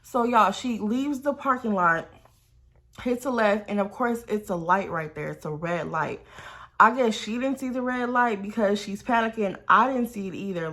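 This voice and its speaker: Animated, swearing storytime vlogger woman. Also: on the low side, vocal fry. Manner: animated, profane, addresses viewers as y'all. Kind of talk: casual storytime.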